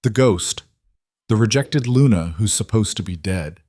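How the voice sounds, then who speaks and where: A man's voice: lowish voice, lively intonation, measured pace, a little mellow, no room sound, clean studio sound. A man voicing a curt, wary male wolf-shifter guard in an audiobook. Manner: curt, dismissive.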